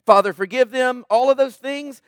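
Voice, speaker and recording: A middle-aged man delivers a sermon in a high voice, emphatic and conversational. He keeps asking his listeners questions. The recording is dry and close. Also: normal speed, fairly bright tone, smooth, no echo. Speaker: preacher.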